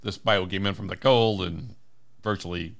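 A man's voice: sits low, steady tone, normal speed, vocal fry, fairly bright tone. A man co-hosting a podcast, casually retelling movie scenes and laughing often as he talks. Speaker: podcast co-host. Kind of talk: casual film discussion chat.

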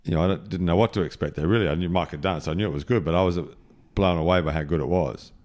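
A man chatting casually as a podcast guest about golf courses, in a rambling, quick way. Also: low-pitched, darkish tone. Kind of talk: casual chat.

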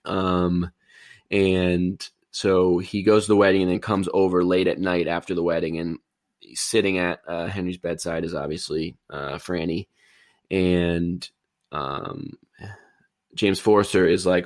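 A man's voice: deep voice, flat delivery, unhurried, dry recording, studio quality. A man in casual chat, retelling a movie plot in a rambling, easygoing way.

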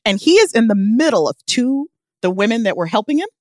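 A woman spins a comic tale, her pitch leaping wildly between lines as she laughs and exclaims. Her voice sits a little high and is recorded close and dry, as in a podcast studio. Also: brisk, no room sound. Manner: animated, emphatic storyteller who laughs often. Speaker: podcast co-host. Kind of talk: casual comedic storytelling.

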